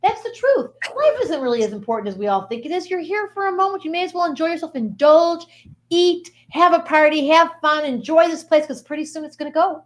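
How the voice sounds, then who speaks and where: Woman doing a high preachy Indian guru. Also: lively intonation, a little fast. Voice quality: preachy, sweeping pronouncements. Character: Indian-accented guru preaching that everything is nothing. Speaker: comedic character performer. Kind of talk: improv comedy character.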